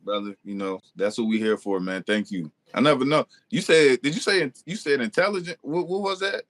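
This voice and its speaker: A man appearing as a guest on a talk show, talking casually in a soft, hesitant way with many fillers. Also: medium pitch, fairly quick. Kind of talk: casual chat.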